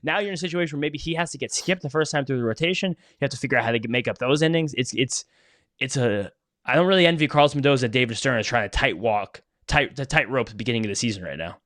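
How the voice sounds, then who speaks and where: A man's voice: medium pitch, fast talker, a bit bright, no room sound, studio quality. A man co-hosting a casual podcast, talking in long, rambling runs and swearing now and then. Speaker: podcast co-host. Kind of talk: casual chat.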